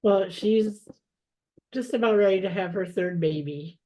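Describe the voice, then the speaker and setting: A woman's voice: mid-range voice, measured pace, mellow. A woman client at a reading, answering questions in brief, plain replies. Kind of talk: casual conversation.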